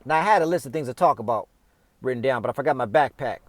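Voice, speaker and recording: A man's voice: medium pitch, animated, quick pace, no echo. A man giving casual, off-the-cuff spiritual advice, talking straight to the listener in loose slang. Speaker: host.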